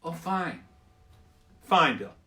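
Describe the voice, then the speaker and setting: A man's voice: fairly high pitch, big pitch swings, drawn-out words, sharp tone, full character voice. A man playing an exasperated schoolteacher who rants, repeats himself and turns sarcastic. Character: exasperated middle-aged male schoolteacher.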